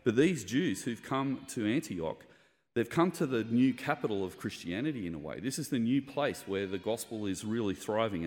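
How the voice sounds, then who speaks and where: A man with a fairly low voice preaches in a conversational, explanatory way, now and then acting out quoted lines with energy. His voice rings with the long reverb of a church hall. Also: a little mellow. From Australia. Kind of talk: sermon.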